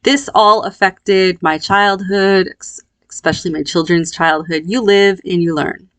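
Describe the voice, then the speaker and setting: A woman in her thirties telling a personal story in a candid, reflective, unhurried way. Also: lowish voice, steady tone, a bit bright, no echo. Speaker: vlogger.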